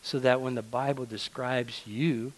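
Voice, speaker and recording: A man's voice: mid-range voice, steady tone, measured pace, low-quality recording. Earnest man preaching a conversational sermon. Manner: conversational, earnest, repeats words when emphasizing.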